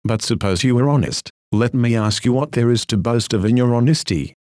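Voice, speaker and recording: A man preaching an old-style sermon with earnest, exhorting emphasis. His voice sits at an ordinary middle pitch. It is recorded close and dry, with no room around it. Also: fairly quick, darkish tone, no room sound. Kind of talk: read Victorian sermon.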